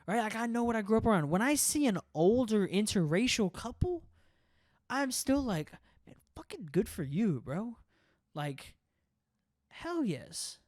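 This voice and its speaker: A young man hosting a podcast, telling a story in casual, profane chat, animated and often breaking into laughter. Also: a little high, no room sound, clean studio sound. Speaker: podcast host.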